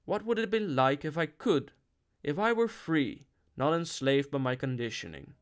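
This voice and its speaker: A discontented young man who speaks with brooding insistence, as a male reader puts him on. The tone is earnest and a little louder than the narration, close to the reader's own voice. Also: on the high side, expressive, moderate pace, natural voice.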